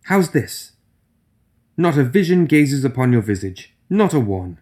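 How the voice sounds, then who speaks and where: A small, mouse-like young woman from a storybook who rambles eagerly and nervously, as a male narrator puts her on. Her voice sits well above his usual low tone and skips along in quick, fidgety bursts. The talk is plain and close. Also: sing-song, a little mellow. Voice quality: mouse-like, high voice.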